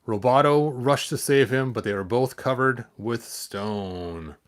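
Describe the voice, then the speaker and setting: A man reads a children's picture book aloud in a relaxed, casual way. He keeps breaking off to ramble about the pictures and poke fun at himself, at a mid-range pitch. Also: unhurried. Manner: rambling, self-mocking asides with fillers. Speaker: storybook reader and streamer. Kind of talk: casual read-aloud with chatty asides.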